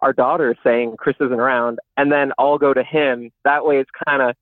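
A man's voice: medium pitch, level tone, moderate pace, no room sound. A man calling in to a podcast, earnestly explaining his plan. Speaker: caller. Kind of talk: phone call-in chat. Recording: tinny phone line.

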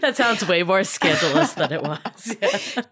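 A woman's voice: fairly low pitch, lively intonation, a little slow, a bit bright, slightly rough. A woman co-hosting a podcast who chats casually, reacting to a guest and laughing along. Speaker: podcast co-host. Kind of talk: casual chat.

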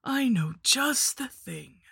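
A woman voicing a rotting, ancient female lich in a whispered role-play, with a slow, mocking, wheezing whisper. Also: sits high, expressive, gravelly, a bit bright, slightly rough, dry recording, clean studio sound, pitched above the performer's own voice, exaggerated voice. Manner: slow, sing-song and mocking.

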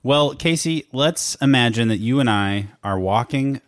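A man's voice: medium pitch, animated, measured pace, no echo, studio quality. A man co-hosting a podcast in casual chat, self-deprecating and tripping over words now and then. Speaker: podcast co-host.

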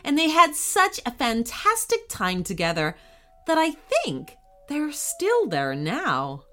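A woman narrating a children's story in a slow, expressive way. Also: high-pitched, soft background music.

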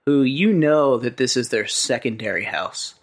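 A man's voice: mid-range voice, lively intonation, moderate pace. A man co-hosting a casual comedy podcast, laid-back, riffing along and laughing. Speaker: podcast co-host.

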